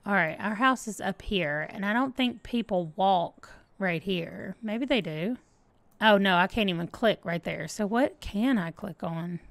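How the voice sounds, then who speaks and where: A woman's voice: mid-range voice, unhurried, no room sound. A woman hosting a let's play, chatting casually and thinking aloud as she plays. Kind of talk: casual gameplay commentary.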